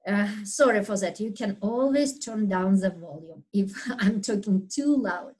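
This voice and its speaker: A woman instructor giving a recorded anatomy lecture over slides, speaking loudly in an unhurried, explanatory way with fillers and throat clearing. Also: mid-range voice, poor audio. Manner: talks loudly by habit.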